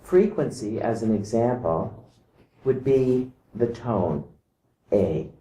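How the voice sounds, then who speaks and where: A man giving a calm explanatory talk to camera. He mimics vibrations by singing short "da" syllables. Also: lowish voice, takes it slowly, reverberant, low-quality recording. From outside Iceland.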